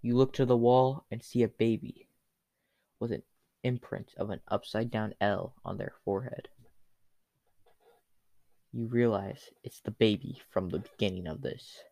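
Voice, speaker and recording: A man's voice: fairly low pitch, steady tone, creaky, dark tone, no echo. Young man telling an absurd, crude story. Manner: crude, cursing, hurried, self-correcting. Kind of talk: rambling absurd comic storytelling.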